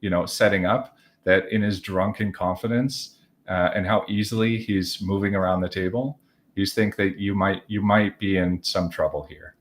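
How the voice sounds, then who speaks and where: Low-voiced rambling game master. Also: male voice, fairly even intonation, normal speed, slight background noise. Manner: rambling, chains lines with "as he just says". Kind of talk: narrating a tabletop game.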